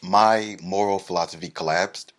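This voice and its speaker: A comedian with a very low, deep voice tells a stand-up story about himself at normal speed. He pokes fun at himself and hits each beat with animated comic timing.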